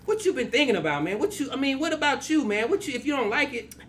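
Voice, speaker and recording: A man imitating a chummy male radio DJ coworker who talks loud, high and excited. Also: a little hiss or hum, heavily acted. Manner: loud, high, rapid and exclaiming.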